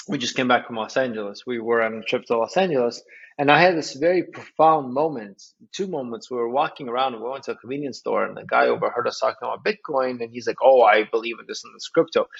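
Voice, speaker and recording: Male podcast co-host, husky and eager, many restarts, muffled lo-fi sound. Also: medium pitch. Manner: excited, rapid storytelling with many restarts. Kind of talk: casual chat about finance.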